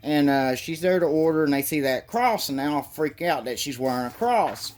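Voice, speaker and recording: A man's voice: fairly high pitch, lively intonation, moderate pace, a little mellow. A man casually retelling a comic book's plot in a loose, rambling way, with swearing and stumbles. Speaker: comic book reviewer.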